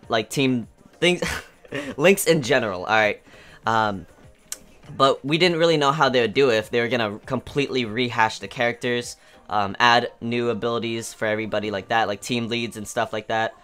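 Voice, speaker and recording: A man talking fast and excitedly about game news as a YouTube host, rambling with lots of fillers into a desk mic. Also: medium pitch, smooth. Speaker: gaming YouTuber. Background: faint background music.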